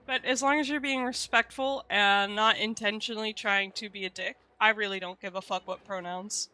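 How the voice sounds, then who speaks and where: A woman's voice: medium pitch, fairly even intonation, moderate pace, bright, forceful tone. A young woman streaming live, chatting candidly with viewers and swearing casually as she explains things.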